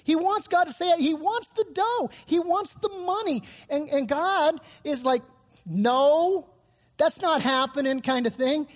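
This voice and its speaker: A man's voice: extremely high pitch, a little slow, few pauses, big-room sound. A man pastor giving a sermon, retelling scripture in casual, slangy storytelling.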